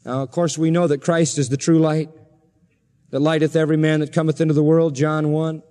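A man's voice: fairly high pitch, level tone, brisk, warm tone, long reverb tail. A man preaching a sermon as pastor in a church, emphatic and insistent with repeated phrases.

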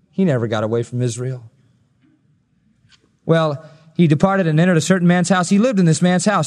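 A man's voice: on the high side, darkish tone, in a large hall. A male pastor preaching an expository sermon, telling the story dramatically and acting out the quotes he reads.

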